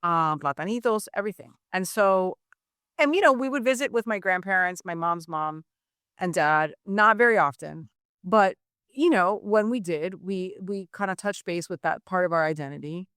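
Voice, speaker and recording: A middle-aged woman from Miami, a writer telling stories in an interview, chatty and animated with lots of asides. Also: lowish voice, moderate pace, smooth, dry recording, studio quality. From Miami, Florida. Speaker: guest writer. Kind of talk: conversational interview.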